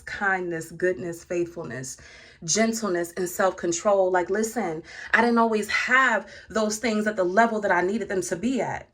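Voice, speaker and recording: A woman's voice: mid-range voice, fairly bright tone. Lady preaching to her viewers like they're friends, laughs a lot, rattles off lists in a rhythm, indoors. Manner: preachy, speaks straight to viewers, laughs often; lists virtues in rhythmic runs. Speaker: vlogger. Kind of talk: casual spiritual encouragement talk. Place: indoor room.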